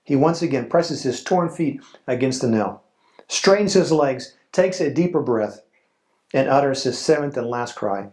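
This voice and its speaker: A man preaching a sermon at a medium pitch. He speaks slowly and solemnly, pausing for weight between phrases. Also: lively intonation, darkish tone. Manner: slow, solemn preaching with dramatic pauses. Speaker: pastor.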